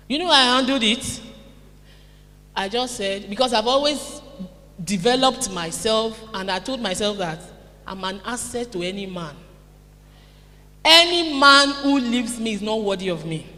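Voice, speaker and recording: Nigerian lady giving a lively motivational seminar talk, keeps calling out to the crowd, echoey hall. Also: medium pitch. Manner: lively, calls out to the audience. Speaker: seminar speaker. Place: conference hall.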